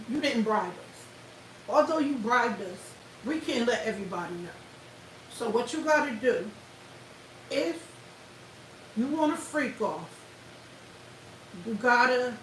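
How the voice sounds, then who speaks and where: A woman's voice: a little high, recorded from a distance. A woman hosting a casual livestream, talking bluntly and profanely straight to her viewers. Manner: loud, animated, blunt and profane, addresses viewers directly. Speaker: livestream host. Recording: echoey room, off-mic, faint hiss.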